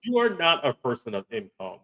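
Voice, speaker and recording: A man's voice: medium pitch, huge pitch swings, a little fast, bright, forceful tone, muffled recording. A man co-hosting a podcast, teasing his friend and playfully correcting him in crude banter. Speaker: podcast co-host.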